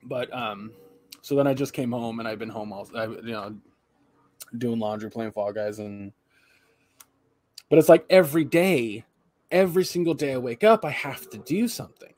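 A man's voice: mid-range voice, moderate pace, long pauses, darkish tone. A young man and podcast co-host, casually telling long, profane, rambling stories about work and home. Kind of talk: casual chat.

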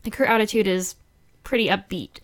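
A woman co-hosting a casual chat, recapping a drama with lots of laughs and quick quoted asides. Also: mid-range voice. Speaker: podcast co-host recapping a drama.

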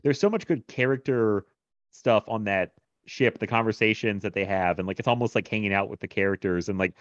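A man's voice: on the low side, brisk, no echo. A man in casual film discussion, talking in a rambling, enthusiastic way and laughing often. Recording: dull lo-fi sound.

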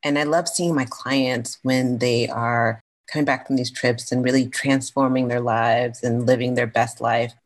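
A woman's voice: rumbling low, steady tone, a little slow, hardly any pauses, low-quality recording. A woman from California telling her own story as a guest in a casual, chatty, slangy way. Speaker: podcast guest.

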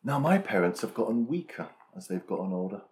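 A man's voice: fairly low pitch, sing-song, a little fast, darkish tone. A man co-hosting a podcast in casual chat, dry and teasing, quizzing his co-host.

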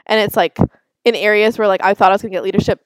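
A young woman hosts a casual podcast chat. She rambles warmly through her thoughts with constant "like" fillers. The sound is close and dry. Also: mid-range voice, fairly even intonation, rapid-fire, clean tone, dry recording, low-quality recording. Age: young adult. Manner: chatty, lots of "like" fillers. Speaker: podcast host.

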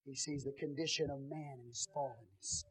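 A man preaching a sermon in a church, swinging from quiet teaching to loud shouted preaching. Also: mid-range voice, steady tone, a little fast, husky, poor audio. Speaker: pastor. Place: church sanctuary.

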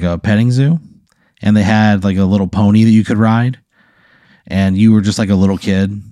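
A man's voice: fairly low pitch, warm tone, no echo, clean studio sound. A man hosting, telling an improvised hypothetical story in a laid-back, casual way with lots of filler words. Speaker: host.

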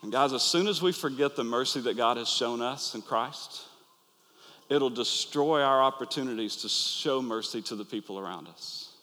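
A pastor preaching an earnest, animated sermon to his listeners, acting out the quoted lines. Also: mid-range voice, moderate pace. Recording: long hall reverb.

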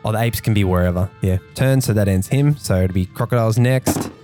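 A man playing a tabletop game, talking casually and thinking out loud through his turn. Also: lowish voice, brisk, faint music behind. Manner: casual, thinking aloud, laughs easily. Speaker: player.

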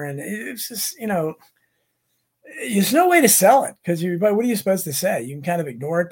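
A middle-aged American man talks casually on his livestream, drifting between viewer comments and stories. His voice is husky and sits a little high for a man. He restarts sentences often and wanders off on asides. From United States. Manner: rambling, many restarts and asides. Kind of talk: casual rambling chat.

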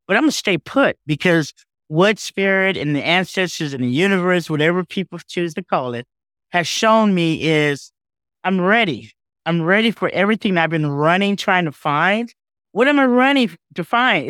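Podcast guest, male, slightly higher register, emotional storyteller, close dry mic. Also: no echo. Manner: heartfelt, animated, says "man" and "okay?" often.

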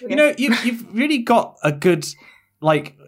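A man's voice: very high voice, big pitch swings, unhurried. A man co-hosting a casual podcast, teasing and joking. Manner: teasing, jokey. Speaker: podcast co-host. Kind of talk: casual chat.

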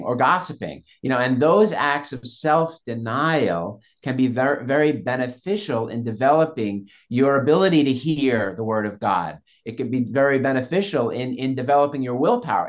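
A man as an interview guest, talking earnestly and emphatically about faith and repeating phrases for force. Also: medium pitch. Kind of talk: interview talk on Catholic faith.

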